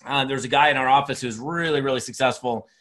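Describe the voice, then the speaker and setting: A man in his fifties giving a motivational sales training talk, telling stories in an energetic, chatty way full of restarts. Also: medium pitch, fast talker. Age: 50s. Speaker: network marketing speaker and trainer. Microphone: webinar recording.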